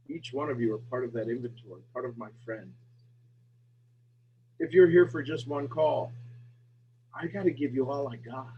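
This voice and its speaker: Laughing man on a dull call. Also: mid-range voice. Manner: laughs often, grows emotional and quiet. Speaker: host. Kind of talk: casual group call talk. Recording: dull lo-fi call audio with faint hum.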